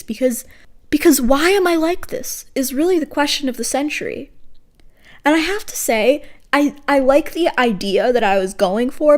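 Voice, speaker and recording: A woman hosting her podcast, reading her own poetry aloud with awkward, self-deprecating asides. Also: a little high. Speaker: podcast host.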